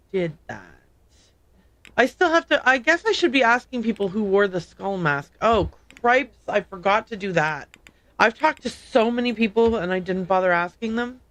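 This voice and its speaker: A woman with a medium-pitched, slightly bright voice hosts a livestream, giving casual gameplay commentary as she plays. She chats and rambles, often stopping to correct herself.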